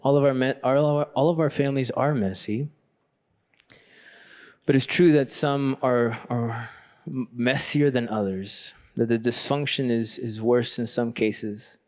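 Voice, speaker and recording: Priest guy giving a youth conference talk, earnest storytelling, mid pitch, gets fired up preaching. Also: fairly even intonation, unhurried, a little mellow. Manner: personal storytelling, reflective and earnest; rises to a fervent pitch when preaching. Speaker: Catholic priest.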